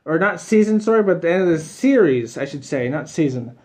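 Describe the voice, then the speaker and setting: A man's voice: fairly high pitch, lively intonation, brisk, darkish tone. A man giving a casual, rambling video review of a cartoon episode, repeating himself and chuckling between points.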